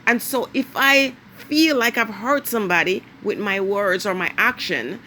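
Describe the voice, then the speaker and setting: A woman's voice: medium pitch, pushed and bright, a little hiss or hum. Emphatic lecturing Jamaican woman. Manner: emphatic, lecturing, drawn-out stresses. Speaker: vlogger. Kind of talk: direct-to-camera monologue.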